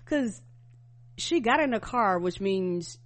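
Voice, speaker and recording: A woman's voice: medium pitch, animated, takes it slowly. A woman co-hosting a podcast, speaking bluntly and swearing freely in casual chat. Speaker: podcast co-host.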